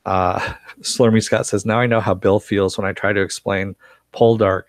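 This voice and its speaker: A man's voice: on the low side, level tone, normal speed, dry recording. Rambling man on a dry close mic. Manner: rambling, laughs often, many fillers and restarts. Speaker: live stream host reviewing a TV series. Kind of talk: casual live-stream recap, reading chat comments.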